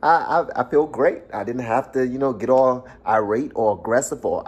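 A man's voice: mid-range voice, moderate pace, breathy edge, muffled recording. A man hosting a reaction video, talking loosely and animatedly with slang, often holding back laughs. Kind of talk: casual reaction commentary.

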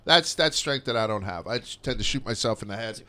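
A man's voice: lowish voice, expressive, fairly quick, bright, forceful tone. A man in his thirties hosting a podcast in a casual, rambling way, swearing freely and using plenty of fillers. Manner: rambling, profane, with lots of fillers. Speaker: podcast host.

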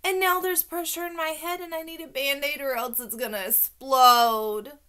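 A woman voicing a loud, excitable kindergarten girl in an audiobook, high and shouty. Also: moderate pace. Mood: earnest. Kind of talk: audiobook character voice.

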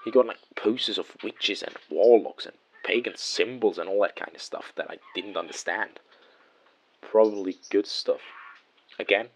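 A man telling a first-person horror story in a measured, hushed way, letting phrases trail off softly. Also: lowish voice, rough recording. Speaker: narrator.

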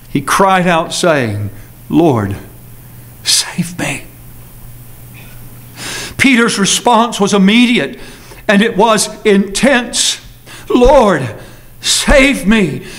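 A man preaching a sermon as a pastor, earnest, moving between quick asides and slow, emphatic phrases. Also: high voice, fairly bright tone. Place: church sanctuary.

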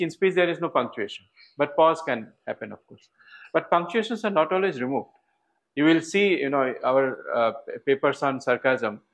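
A man's voice: a little high, fairly bright tone, poor audio. A man giving a university lecture, thinking aloud with fillers and restarts. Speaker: professor.

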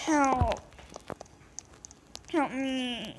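A woman's voice: high voice, fairly even intonation, slow pace, loud music behind the voice. A young woman giving casual gameplay commentary, muttering to herself and bursting into panicked exclamations. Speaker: gaming video creator.

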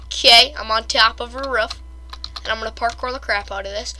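A young woman chatting casually over her own gameplay, excitable and quick to gasp and squeal at her failures. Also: fairly high pitch. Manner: excitable, shrieks and gasps at fails. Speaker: gamer.

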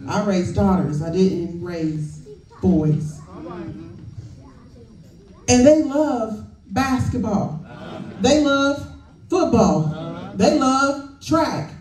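A woman's voice: medium pitch, big pitch swings, drawn-out words, pauses often, a little mellow. Older female minister, emotional call-and-response sermon, echoey church hall from a distance. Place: church sanctuary.

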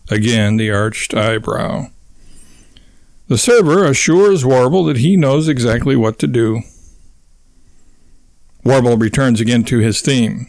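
A man narrating a comic novel in a measured, wry storytelling voice of middling pitch. The recording is dry and close, with no room echo. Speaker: audiobook narrator. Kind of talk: scripted audiobook narration.

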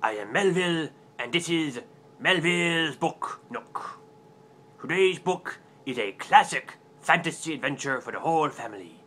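A man playing a bright, muddled book-show host. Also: fairly high pitch, animated, moderate pace. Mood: earnest muddle. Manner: rambling, forgetful, eager. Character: clueless, muddled male book-review host. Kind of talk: comic web sketch monologue.

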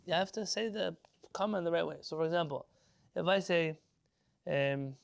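A man teaching an informal religious class as a rabbi, lively and rhetorical, putting questions to his listeners. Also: fairly high pitch, normal speed, gravelly. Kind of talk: informal Torah lesson to a live class.

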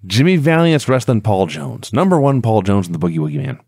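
Man, podcast co-host, low voice, steady recap, dry close mic. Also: a little fast, husky, dry recording. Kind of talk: casual play-by-play recap.

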